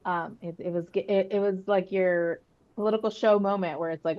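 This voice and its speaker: A woman's voice: medium pitch, fairly even intonation, a little fast, highs cut off. A woman hosting a webinar interview over a video call, asking questions in a conversational way with many fillers. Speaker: webinar host.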